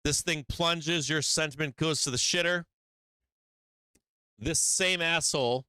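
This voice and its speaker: A man hosts a live market stream and walks viewers through his charts, brash and profane and full of hype. His voice is bright and forceful, smooth and clear, and it sits a little high. The close mic keeps the sound dry. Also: unhurried, no room sound. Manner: brash, profane, hyped-up, addresses viewers directly. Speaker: stock market stream host. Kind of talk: casual live chart commentary.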